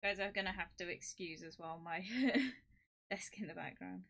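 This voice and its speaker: A woman streamer chatting casually to her viewers, excitable and giggly, rambling with lots of fillers. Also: fairly low pitch, moderate pace, creaky. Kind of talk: casual live-stream chat.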